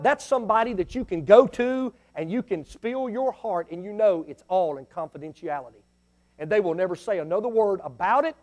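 A middle-aged man with a high-pitched voice preaching from the pulpit. He builds to loud, emphatic lines and falls back to quiet asides, addressing his congregation directly. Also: lively intonation, brisk. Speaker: pastor. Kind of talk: sermon.

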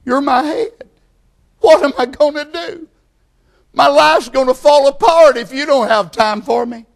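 A man's voice: a little slow, creaky, heavily acted. A preacher acting a desperate praying man. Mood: pleading. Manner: high, pleading, anxious.

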